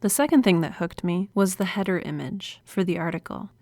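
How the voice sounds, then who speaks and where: Fairly quick and a little mellow, a woman's fairly low voice carries lively intonation as she hosts a solo podcast. Close to a studio microphone with no room sound, she confides earnestly, smiling while she speaks.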